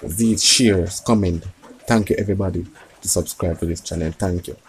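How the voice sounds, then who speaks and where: A man chatting quietly to his phone camera, keeping his voice down. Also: sits low, normal speed, slight background noise. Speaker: vlogger. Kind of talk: casual chat to camera.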